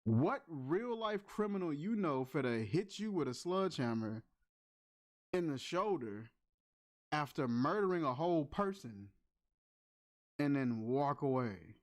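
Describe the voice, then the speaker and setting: A man's voice: a little high, very animated, a little slow, long pauses. A man giving casual movie review commentary, exasperated as he rants about the film's plot holes.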